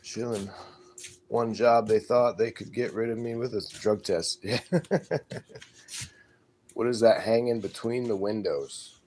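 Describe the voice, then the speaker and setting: A man hosting his homestead channel, chatting casually and crudely with viewers in a relaxed, rambling drawl. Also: lowish voice, unhurried, long pauses, a little hiss or hum. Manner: relaxed drawl with loose grammar and fillers. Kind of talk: casual livestream chat with viewers.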